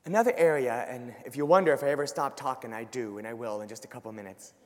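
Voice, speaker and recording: A man giving a lively church talk to a live audience, acting out worried voices. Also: mid-range voice, fast. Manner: animated, acts out worried voices. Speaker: Catholic speaker. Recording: long hall reverb.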